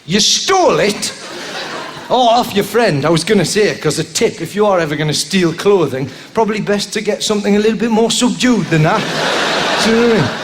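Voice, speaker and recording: High-voiced comic riffing with a crowd. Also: male voice, lively intonation, brisk. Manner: rambling, bursts into high squeals and silly voices. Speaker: stand-up comedian. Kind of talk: stand-up crowd work. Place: theatre stage. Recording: live show recording with noise behind.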